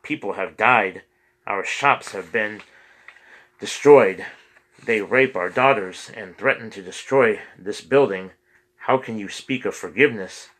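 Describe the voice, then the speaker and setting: A man's voice: fairly low pitch, unhurried, a bit bright, breathy edge. A man reading the lines of an outraged protester in a church meeting. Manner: outraged, demanding.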